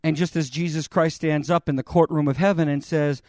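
A man preaching a sermon, dramatic and expressive as he retells a scripture scene. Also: fairly high pitch, fairly quick, hardly any pauses, no echo, studio quality. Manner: dramatic, voices God and Moses in the retelling.

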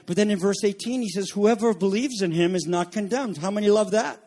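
High-voiced preacher giving an urgent sermon. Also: male voice, fairly quick, few pauses. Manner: emphatic, swinging between loud urgent warnings and low quiet passages; repeats phrases for emphasis and asks the audience questions.

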